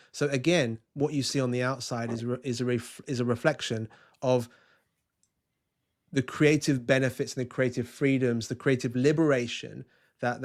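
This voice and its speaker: A man talking as a guest on a podcast. He tells his stories eagerly in a mid-pitched voice, stumbling and restarting now and then as the ideas come to him. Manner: enthusiastic storytelling with frequent restarts. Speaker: guest culture consultant. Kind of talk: podcast interview.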